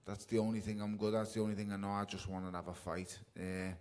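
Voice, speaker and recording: A man's voice: lowish voice, little pitch movement, fast, darkish tone. A man speaking as a boxer at a press conference, blunt and plain-spoken, swearing casually.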